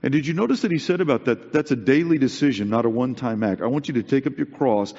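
A man's voice: mid-range voice, fast talker, darkish tone. A male preacher giving a sermon in an earnest, conversational way, stressing points by repeating them. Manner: earnest, conversational, emphatic repetition. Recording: dull recording with long hall reverb.

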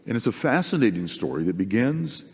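A man's voice: on the low side, very animated, a little fast, gravelly, a little mellow, husky. A male preacher giving a sermon in an earnest, conversational way, stressing points by repeating them. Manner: earnest, conversational, emphatic repetition. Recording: dull recording with long hall reverb.

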